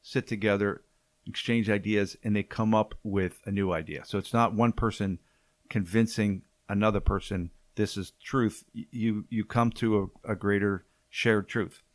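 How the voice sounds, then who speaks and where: Low-voiced reflective man on a podcast. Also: fairly even intonation, normal speed, dry recording. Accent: Boston. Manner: reflective, wraps up with summaries, laughs easily. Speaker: podcast host. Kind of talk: casual podcast conversation.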